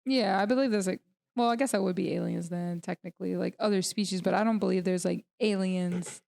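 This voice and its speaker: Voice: medium pitch, fairly even intonation, brisk, vocal fry, a little mellow. A podcast co-host in casual chat who speaks hesitantly, searching for words.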